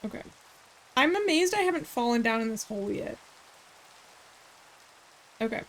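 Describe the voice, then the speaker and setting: A woman's voice: fairly high pitch, big pitch swings, moderate pace, a little hiss or hum. A woman streaming a game, chatting casually in a rambling way, with sarcastic asides. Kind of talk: casual gameplay chat.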